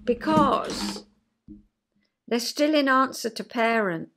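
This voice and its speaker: A woman hosting a podcast, chatting about psychology and acting out quoted voices with sudden pitch jumps. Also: lively intonation, unhurried, a bit bright. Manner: chatty, checks in with listener. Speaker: podcast host. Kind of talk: casual chat explaining psychology.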